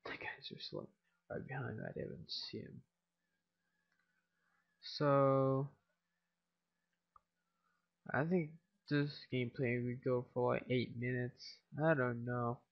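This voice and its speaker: A man's voice: mid-range voice, level tone, takes it slowly, vocal fry, pauses often, dull audio. A tired teenage boy commentating his shooter gameplay casually, mumbling and swearing often.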